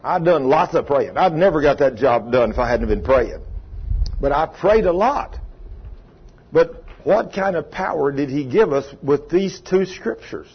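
An older man preaches in an easy, folksy manner, often tossing questions at his listeners. His voice is husky and sits a little high for a man. The recording is dull and lo-fi. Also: animated, a little slow. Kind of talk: conversational sermon.

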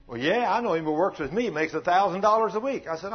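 A man preaching in a folksy, joking drawl, his voice husky and pitched fairly high for a man. The sound is a little dull and lo-fi. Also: expressive, fast talker. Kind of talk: folksy sermon with storytelling.

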